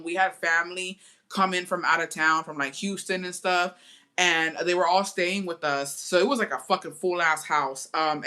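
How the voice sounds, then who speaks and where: Bright-voiced bilingual storyteller, profane and chatty. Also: medium pitch. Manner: profane, switches between English and Spanish; chatty, addresses viewers directly. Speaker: storytime vlogger. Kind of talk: casual storytime.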